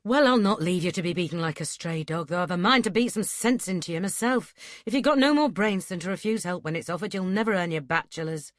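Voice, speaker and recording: A woman voicing a stern, gruff young male scholar who talks in curt, scolding lines. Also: on the low side, quick pace, no room sound, clean studio sound, lightly acted.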